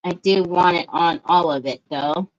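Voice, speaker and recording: Speaking at normal speed in a voice on the low side, a middle-aged woman chats casually and greets viewers by name as she crafts live. The livestream audio is dull and lo-fi.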